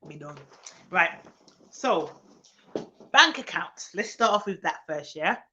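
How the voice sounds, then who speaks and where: A young woman with a bright, forward voice talks casually on her live stream, reading out comments and breaking into excited hellos. The sound is dull and lo-fi. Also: fairly low pitch, a little slow, slight background noise. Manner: chatty, reads viewer comments aloud, bursts into excited greetings. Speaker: nanny hosting a live stream.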